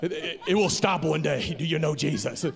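A man imitating a grim old-time male revival preacher, slow, ominous and dramatic. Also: on the high side, animated, gravelly, heavy background noise. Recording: reverberant hall, away from the mic.

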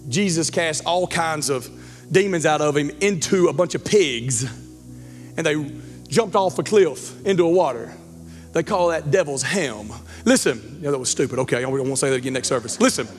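Pastor guy in his 40s, high bouncy voice, jokes around, stumbles on words, echoey church hall. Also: moderate pace. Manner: animated, joking asides, stumbles over words. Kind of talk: sermon. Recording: church hall reverb with faint music.

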